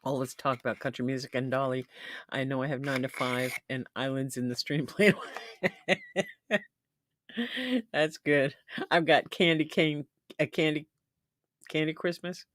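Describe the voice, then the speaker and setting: A woman's voice: a bass voice, fairly even intonation, unhurried, long pauses, a bit bright, no echo, clean studio sound. A woman hosting a casual live stream who chats freely, laughs often and reads comments from the chat aloud. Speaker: livestream host.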